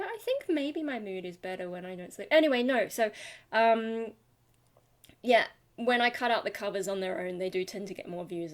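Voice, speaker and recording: A tired young woman, a singer and channel host, rambling casually and self-deprecatingly about vocal technique into a webcam. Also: mid-range voice. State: tired from lack of sleep. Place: home, talking to a webcam.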